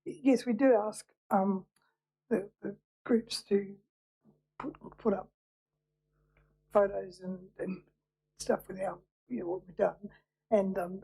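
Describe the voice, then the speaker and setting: A woman speaks as a councillor in halting phrases full of fillers and repeated words. Her voice is mellow, gravelly and flat in pitch. A faint hum runs behind her. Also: poor audio. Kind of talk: council meeting remarks.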